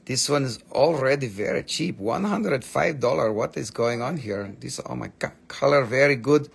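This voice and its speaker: A man's voice: mid-range voice, lively intonation, moderate pace, creaky, husky. A man selling stones on a live shop stream, in joking patter with playful broken English. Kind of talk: live sales pitch.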